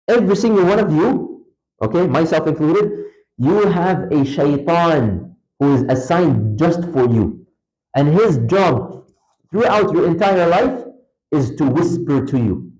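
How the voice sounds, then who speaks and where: Male religious lecturer, mosque class, slightly high-pitched, emphatic and conversational delivery. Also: normal speed, poor audio. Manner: animated, emphatic storytelling with wide pitch swings; conversational, addresses listeners directly. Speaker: Islamic lecturer. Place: mosque lecture hall, indoors.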